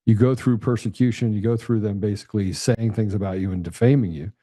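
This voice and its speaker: A male host talking earnestly in a casual interview, halting and restarting often. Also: lowish voice, fairly even intonation, warm tone, no echo, clean studio sound.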